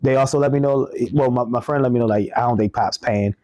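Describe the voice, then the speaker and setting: A man's voice: mid-range voice, fast, mellow, no room sound, muffled recording. A man, a comedian, telling a funny story in casual chat, acting out the people he quotes, with many restarts. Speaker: comedian guest.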